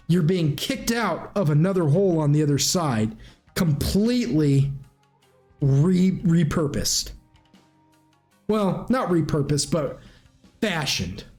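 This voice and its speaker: A male game master narrates a tabletop game in a rambling, casual way. He often restarts and clears his throat. His voice sits fairly high, with soft music underneath.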